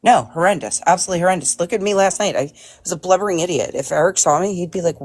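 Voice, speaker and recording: A woman with a low voice joins a casual livestream chat. She is earnest and sympathetic, stammering and restarting as she tries to get her words out. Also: very fast, a little mellow. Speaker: livestream guest. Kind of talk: casual live-stream chat.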